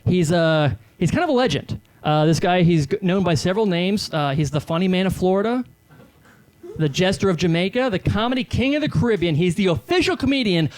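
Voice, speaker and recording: A young man performing stand-up comedy in a halting, hesitant way, full of fillers, live before a laughing audience. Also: high voice, lively intonation, a little mellow.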